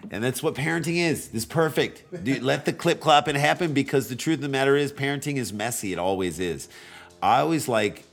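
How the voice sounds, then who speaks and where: A middle-aged man from St. Louis, a podcast guest talking about parenting in a casual, animated way and acting out quoted lines. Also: medium pitch, a little fast, creaky. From St. Louis, USA. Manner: animated, acts out quoted speech.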